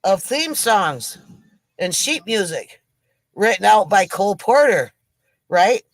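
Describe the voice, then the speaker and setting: A middle-aged woman, hosting a live stream from home and telling corny jokes slowly, laughing and sighing often, a bit tipsy from drinks. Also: mid-range voice, sing-song, dry recording. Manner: slow, corny jokes with frequent laughs and sighs. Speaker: live stream comedy host. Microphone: computer mic for a live stream.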